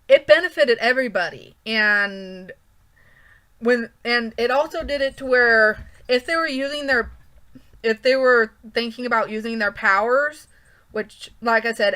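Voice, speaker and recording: A woman's voice: fairly high pitch, fairly bright tone. A woman chatting casually over her drawing, rambling with frequent ums and restarts. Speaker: art channel creator.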